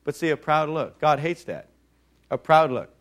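A man preaching a sermon in an animated way, acting out voices and calling on the congregation to respond. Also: a little high, normal speed. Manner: animated, acts out mocking voices, calls for audience response.

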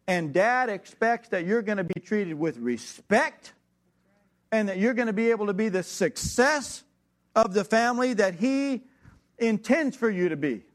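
A preacher, a man, telling a family story from the pulpit. His voice sits a bit high and jumps up and down as he acts out the people in it, and he laughs along with his own tale. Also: lively intonation, a little slow. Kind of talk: sermon with personal story.

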